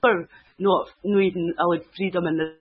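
A man's voice: high voice, steady tone, moderate pace, husky. A man with a Scottish accent, a guest chatting loosely over a call, full of fillers and trailing thoughts. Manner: rambling, many fillers. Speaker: guest caller. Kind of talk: casual chat over a call. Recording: dull lo-fi call line.

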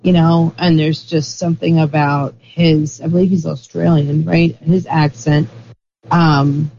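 Here she sounds low-pitched, creaky and dark, keeping a level tone and an unhurried pace while she chats casually and fumbles for words on the group call. Faint noise sits under the dull, lo-fi call audio.

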